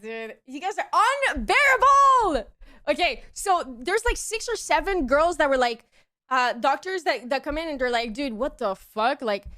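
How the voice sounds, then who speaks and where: Young woman streamer rambling a story to chat, high voice, jumps way up to squeaky when she quotes people. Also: fairly bright tone.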